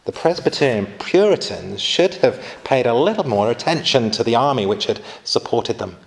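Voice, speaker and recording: Brief: male lecturer, mid-pitched, informal history talk full of asides to his audience. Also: lively intonation, moderate pace, gravelly. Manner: chatty asides and rhetorical questions to listeners.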